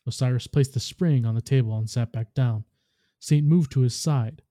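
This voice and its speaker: A podcast host reads a story aloud in a steady, even way. His voice is very dark and heavy, and the recording is dry and close. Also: mid-range voice, normal speed, dry recording.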